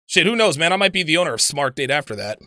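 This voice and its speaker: A man's voice: on the high side, big pitch swings, fast talker, sharp tone, no room sound, studio quality. A man hosting a livestream, ranting angrily and profanely and repeating himself. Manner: angry, profane, repetitive. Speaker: livestream host. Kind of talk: heated livestream rant.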